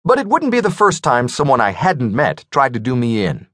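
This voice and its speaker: A man narrating an audiobook voices a calm, unflappable male fighter who speaks in a cool, unbothered way. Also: mid-range voice, normal speed, no room sound, clean studio sound, pitched above the performer's own voice.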